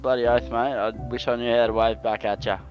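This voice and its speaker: A man's voice: mid-range voice, level tone, fairly quick, soft background music. An Australian man chatting over voice chat in a game, friendly and matey with casual swearing. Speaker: fellow player on voice chat.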